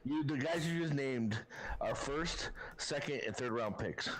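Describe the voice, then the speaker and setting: A man co-hosting a sports podcast, talking things through calmly with fillers and restarts. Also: mid-range voice, measured pace, rough recording. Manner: calm, reasoning, many fillers and restarts. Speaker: podcast co-host.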